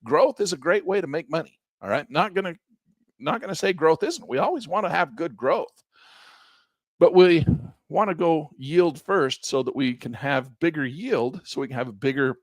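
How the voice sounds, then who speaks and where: Animated male investing host, slightly high voice, dry close sound. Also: normal speed, dry recording. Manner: animated, emphatic, repeats himself. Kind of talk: casual talk to viewers.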